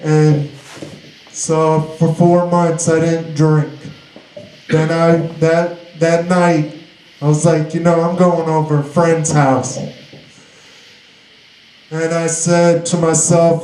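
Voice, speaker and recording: A young man telling his own recovery story in a halting, plainspoken way, often restarting his sentences. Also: on the high side, flat delivery, warm tone, roomy sound, faint music behind, poor audio.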